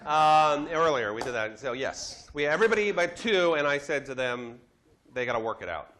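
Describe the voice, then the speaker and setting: A man teaching a class, telling a business story in a lively lecture style, acting out the voices he quotes. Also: fairly high pitch, normal speed. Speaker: instructor.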